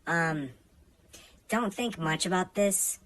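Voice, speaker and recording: A woman doing a comic storytime monologue with a bright, forward voice. She is animated and theatrical, jumping from loud punchlines to quiet murmured asides. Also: fairly low pitch, slow pace, low-quality recording. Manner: animated, swings loud and soft. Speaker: comedian.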